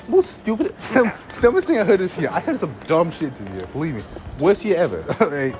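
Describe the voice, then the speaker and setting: A young man with a lively, swooping voice tells a story to camera in an exasperated, profane rant, stumbling and restarting as he goes. Clear music plays behind him throughout, and his pitch sits a little above the usual. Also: a little fast. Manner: exasperated, swearing, laughing, many restarts. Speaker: vlogger.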